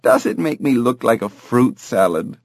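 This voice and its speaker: A man's voice: mid-range voice, wildly swooping pitch, moderate pace, no echo, clean studio sound. A man reading an audiobook, voicing an older, well-off woman who brushes off bad news with breezy, chiding remarks.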